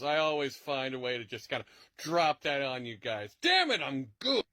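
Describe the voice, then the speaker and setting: A man's voice: medium pitch, sing-song, normal speed, sharp tone, no room sound, clean studio sound. A man doing absurd, crude comedy sketches with rambling bits.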